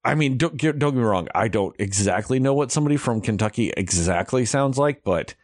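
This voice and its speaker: A man's voice: medium pitch, lively intonation, a little fast, no echo, studio quality. A young man hosting a podcast, ranting about a movie in casual, heavily profane chat. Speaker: podcast host reviewing a movie.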